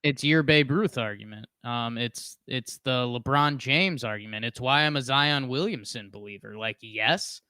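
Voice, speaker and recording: A man with a slight lisp chatting on a comedy podcast. His voice is bright and crisp, a little high, and he talks slowly. The sound is dry, from a close mic. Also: dry recording. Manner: joking, mock-dramatic narration in the intro. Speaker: podcast co-host. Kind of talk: casual comedic podcast chat.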